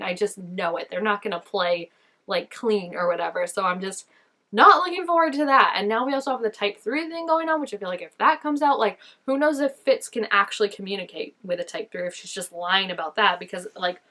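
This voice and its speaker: A woman's voice: medium pitch, a little fast, pushed and bright. A woman casually reacting to a TV episode, chatty and gushing, with lots of "like" fillers. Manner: chatty, gushing, peppers speech with "like".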